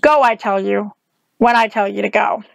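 A woman's voice: medium pitch, moderate pace, creaky, dry recording. A woman doing a bossy scolding witch. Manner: scolding, impatient.

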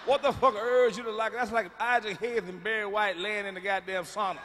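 A middle-aged man doing a profane, blunt stand-up routine, booming out his punchlines live in a large venue. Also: steady tone, brisk, bright, forceful tone, a little hiss or hum. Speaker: stand-up comedian. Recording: live stage mic in a reverberant arena.

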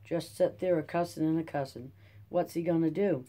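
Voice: medium pitch, fairly even intonation, normal speed, warm tone, natural voice. A reader voicing a rambling old Dust Bowl farmer. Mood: rueful. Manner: rambling folksy drawl. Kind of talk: audiobook character reading.

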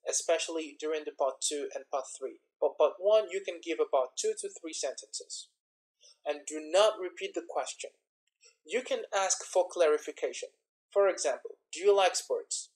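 A teacher walks students through an IELTS speaking lesson set to slides. The delivery is steady and deliberate, with example words and phrases listed one at a time so each one lands. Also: medium pitch, low-quality recording. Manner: slow, deliberate, repeating example words in lists. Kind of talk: recorded exam-prep lesson over slides.

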